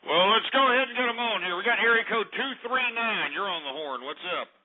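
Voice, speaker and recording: A man hosting a call-in radio show, ranting bombastically and cursing, swinging from shouting fits to muttering. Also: sits high, animated, brisk, crowd noise. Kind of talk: over-the-top ranting talk radio. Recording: tinny phone-quality audio.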